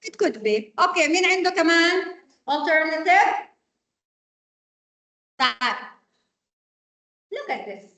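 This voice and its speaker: High-voiced woman teaching translation, echoey room. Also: expressive, normal speed, long pauses, bright, forceful tone. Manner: switches between English and Arabic, checks in with "okay?". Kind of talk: classroom lecture. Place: classroom.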